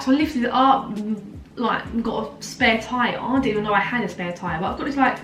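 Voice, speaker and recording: A woman's voice: fairly high pitch, brisk, fairly bright tone. A young woman tells a story as a vlogger, dramatic and full of "like" fillers. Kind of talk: storytime chat. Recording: echoey room, mic at a distance, faint music.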